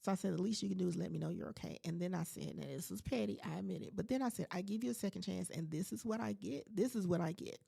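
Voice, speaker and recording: A woman in her forties hosting a podcast, telling a personal story in a casual, animated and emphatic way, talking straight to her listeners. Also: fairly low pitch, fast talker, gravelly, hardly any pauses, slightly rough. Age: 40s. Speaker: podcast host.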